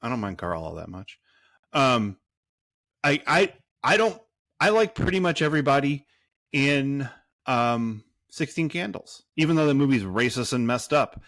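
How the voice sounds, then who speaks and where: A man's voice: medium pitch, big pitch swings, unhurried, fairly bright tone, no echo, clean studio sound. A man co-hosting a movie podcast in casual chat, rambling and cursing, full of fillers and restarts. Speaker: podcast co-host.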